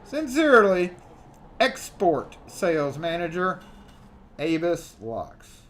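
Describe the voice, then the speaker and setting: A man's voice: on the high side, big pitch swings, slow pace, a bit bright, a little hiss or hum, heavily acted. A man reading a formal complaint letter aloud in the voice of an indignant sales manager. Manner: pompous, over-enunciated letter reading.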